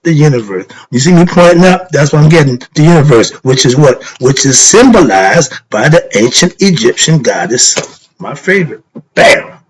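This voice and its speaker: A man's voice: on the high side, a bit bright, a little hiss or hum, low-quality recording. Emphatic man teaching with rhetorical questions. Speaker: spiritual teacher. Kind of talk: informal spiritual lesson.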